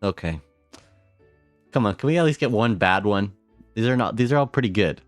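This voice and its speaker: A man giving live gameplay commentary as a streamer, excitable, repeating short phrases and exclaiming often. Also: fairly low pitch, a little fast, no echo, faint music behind. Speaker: game streamer.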